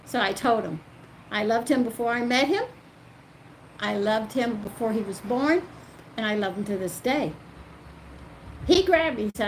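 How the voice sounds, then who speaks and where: An older grandmother telling the story of her own life, animated and emotional. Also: on the high side, normal speed, long pauses, slight background noise, poor audio. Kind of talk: personal storytelling.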